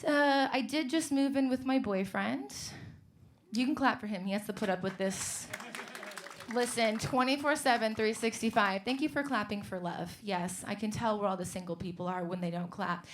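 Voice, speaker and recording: A woman's voice: mid-range voice, moderate pace. A young woman from Northern California doing a stand-up set, sarcastic and teasing the audience. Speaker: stand-up comedian. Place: comedy club stage.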